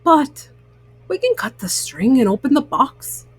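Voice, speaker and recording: A woman voicing a fretful, excitable male toad with a sweet tooth in a storybook reading, pleading and lively. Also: sits high, unhurried.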